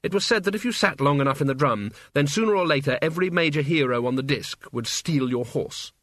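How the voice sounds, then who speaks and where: A man reading a novel aloud as narrator, with an even, wry storytelling manner. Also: fairly high pitch, brisk, no room sound, studio quality. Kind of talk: audiobook narration.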